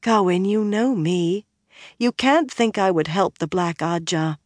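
A woman's voice: low-pitched, normal speed, a little mellow, dry recording, clean studio sound, lightly acted. Narrator doing a pleading anxious young woman. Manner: urgent, pleading.

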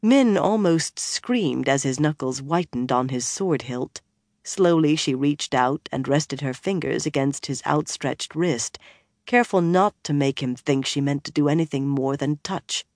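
Brief: audiobook narrator, mid pitch, steady expressive read, bone-dry studio sound. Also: a little slow, no room sound. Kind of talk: scripted fantasy narration.

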